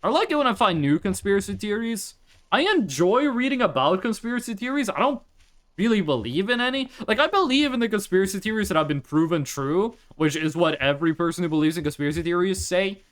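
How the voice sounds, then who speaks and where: A game streamer chatting casually during a live gameplay session, swearing freely and bursting into excited exclamations, recorded on a desk microphone at home. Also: mid-range voice, fast talker.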